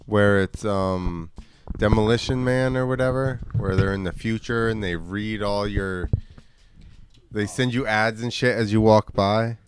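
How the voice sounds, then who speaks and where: Man, casual podcast chat, crude jokes, lowish voice, faint noise behind. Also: measured pace. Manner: crude, joking, scattered. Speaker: podcast co-host.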